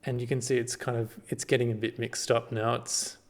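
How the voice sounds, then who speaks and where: Man, screen-recorded tutorial, halting, filler-heavy, mid pitch. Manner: relaxed, halting, many ums and restarts. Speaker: party volunteer giving a tutorial.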